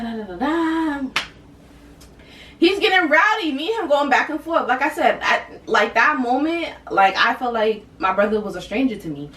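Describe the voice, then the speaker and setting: A young woman vlogger telling a personal story in casual, animated, slang-heavy chat, talking to her viewers. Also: on the high side, far from the mic. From Boston area. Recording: roomy, from off the mic, faint hiss.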